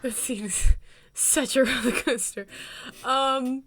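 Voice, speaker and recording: A woman's voice: high voice, steady tone, takes it slowly, a bit bright. A woman co-hosting a podcast, musing casually with frequent "like" as she thinks aloud. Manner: thoughtful, hedging with "like". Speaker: podcast co-host. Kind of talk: casual chat.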